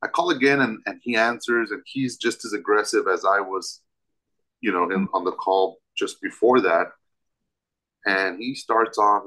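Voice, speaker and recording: A man with a somewhat low voice recounts a personal story as an interview guest. He talks vividly and with emphasis, restarting phrases as he goes. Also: steady tone, moderate pace, pushed and bright, poor audio.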